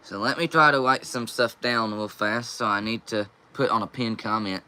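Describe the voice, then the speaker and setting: A man's voice: fairly low pitch, steady tone, moderate pace, pushed and bright, smooth. A young man hosting a casual live stream, reading viewer comments aloud and answering them.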